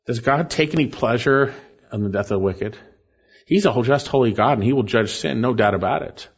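A man's voice: mid-range voice, a little fast, husky. Earnest male preacher, slightly muffled recording. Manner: earnest, emphatic, rising and falling with scripture readings. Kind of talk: sermon.

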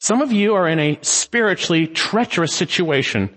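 A pastor preaching a sermon, swinging between raised urgency and hushed pleading, reading scripture slowly and solemnly. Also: male voice, high voice, lively intonation, breathy edge. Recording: long hall reverb.

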